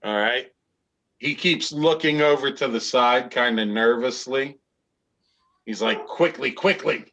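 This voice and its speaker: A man narrating a tabletop fantasy game as game master, in a measured storytelling manner. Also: mid-range voice, fairly bright tone.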